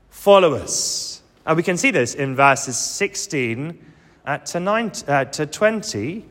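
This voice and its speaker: A man's voice: fairly high pitch, bright, forceful tone, in a large hall. A man preaching a sermon, earnest and emphatic, coming back to key phrases again and again.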